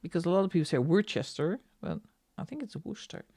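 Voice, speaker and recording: Speaking fast with big pitch swings, this woman has a lowish, mellow voice and a Dutch accent. She's from the Netherlands, colouring on a live stream while chatting with her viewers, frequently laughing and reading out the chat.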